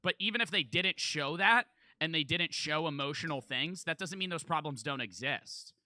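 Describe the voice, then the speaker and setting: A male streamer talks back at a video in casual, profane, argumentative bursts, with a very bright, sharp edge to his voice. His mic sounds close and dry, with no room around it. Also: a little high, animated, moderate pace, no room sound. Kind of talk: casual live reaction commentary.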